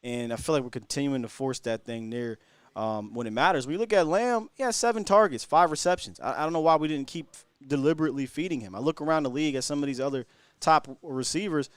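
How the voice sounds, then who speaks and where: A man's voice: on the high side, fast talker, clean tone, no echo. A man hosting a call-in sports talk show, giving emphatic, fired-up opinions to callers. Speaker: sports talk radio host.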